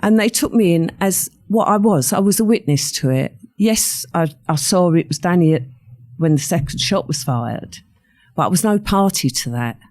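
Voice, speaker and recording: A woman's voice: lowish voice, lively intonation, moderate pace, a little mellow. An older woman, a podcast guest recounting a personal story in conversation and acting out what others said. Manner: vivid storyteller who acts out what others said.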